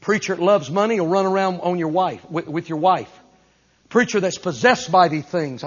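A man, a traveling Pentecostal preacher, delivering a revival sermon emphatically, with lots of repetition and a husky voice. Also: high-pitched, moderate pace. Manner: emphatic, repetitive, swings between hushed and raised. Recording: dull lo-fi recording.

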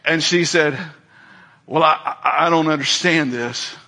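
A man's voice: a little high, unhurried, gravelly, noisy background. A middle-aged male preacher giving a folksy sermon, telling stories and acting out the people in them. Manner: folksy storytelling, acts out quoted voices, laughs often.

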